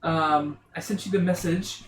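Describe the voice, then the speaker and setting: A man's voice: a little high, fairly even intonation, measured pace, fairly bright tone, slight background noise. A man running a tabletop game on stream, rambling and often correcting himself. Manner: rambling, self-correcting, chuckling. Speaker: game master. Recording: roomy echo.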